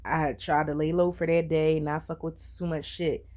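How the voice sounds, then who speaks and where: A mother telling her own story in casual vlog style, blunt and animated, swearing freely. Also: low-pitched, moderate pace.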